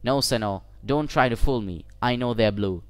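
A man playing a softly menacing machete robber. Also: mid-range voice, moderate pace, clean tone, no echo, close to an everyday voice. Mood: eerily gentle. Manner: soft, calm and polite, with quiet menace. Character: slight village man with a machete, eerily gentle.

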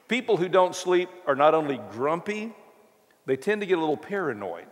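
A man's voice: a little high, big pitch swings, brisk. A male preacher giving a sermon in a church, telling the story conversationally with touches of humor. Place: church sanctuary. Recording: reverberant church hall.

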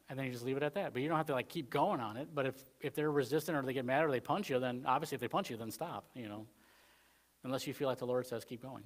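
A man preaching a Wednesday sermon in church in a rambling, conversational way, full of "you know" fillers, swinging between emphatic points and quiet asides. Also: medium pitch. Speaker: pastor.

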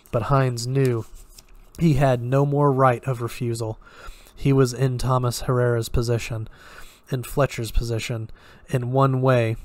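A man reading a horror story aloud in a measured, steady way, with occasional slips. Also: medium pitch, dry recording. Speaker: story reader.

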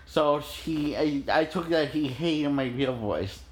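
A young man recording a casual video message in a soft, childlike voice, with halting restarts and repeated words. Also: a little high, expressive. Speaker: vlogger.

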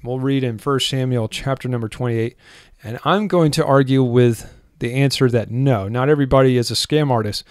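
A man teaching from the Bible in an earnest way, reading scripture aloud with pauses and fillers. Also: mid-range voice, no echo, clean studio sound.

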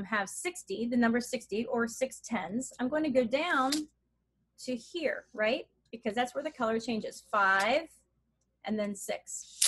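A middle-aged woman with a fairly high voice explains math lessons to parents. She speaks clearly and encouragingly, walking through each step as she shows things on an abacus. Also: a bit bright, slight background noise. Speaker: math curriculum instructor. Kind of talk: instructional walkthrough for parents.

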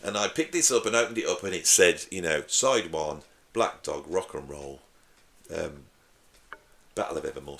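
A drummer who hosts his own YouTube channel talks to camera in a low, bright, forceful voice. He's chatty and opinionated, with a joking edge to his casual delivery.

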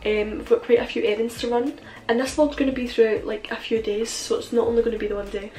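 A woman's voice: a little high, steady tone, fast talker, warm tone, roomy sound, low-quality recording. A young woman chatting casually to her phone camera in a vlog, sounding congested and ill, chatty and giggly. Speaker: vlogger, one of twin sisters. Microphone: handheld phone camera.

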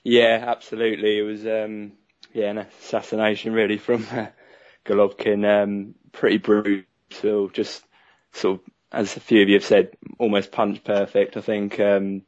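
A man calling in to a podcast in casual chat, measured and a little hesitant, heard over a call line. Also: fairly low pitch, monotone, darkish tone, no room sound, highs cut off. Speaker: guest caller.

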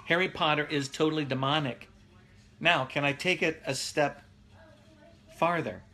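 Middle-aged male pastor, slightly high and bright voice, loose conversational preaching that keeps breaking into chuckles. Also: fairly even intonation, moderate pace. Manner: laughs often, reads viewer comments aloud. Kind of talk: casual live-streamed Bible teaching.

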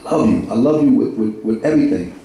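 A man's voice: mid-range voice, expressive, quick pace, dark tone. A middle-aged man, giving an emotional church testimony full of repetition and street slang. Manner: repetitive, heartfelt, street slang, laughing through it. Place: large echoey church hall. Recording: echoey hall from far off.

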